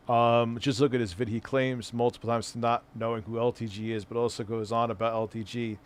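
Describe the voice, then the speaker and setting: A middle-aged man in a mid-pitched voice runs a live stream and talks over a clip. He jokes and mocks freely, swearing in a loose, offhand way, and keeps his tone casual. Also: little pitch movement, brisk, hardly any pauses. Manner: mocking, joking, profane. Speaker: streamer host reacting to a clip.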